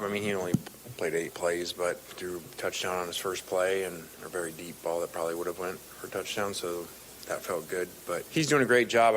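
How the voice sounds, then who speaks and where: A man's voice: low voice, fairly bright tone, a little hiss or hum, low-quality recording. A man, a football head coach, answering a question in an upbeat, loose way. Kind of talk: press conference answer.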